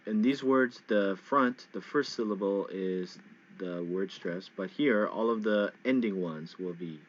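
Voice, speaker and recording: A man teaching an English pronunciation lesson in a loose, casual way, checking in with "okay?" and "right?" and drawing out example words slowly. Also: fairly low pitch, fairly bright tone, lo-fi sound.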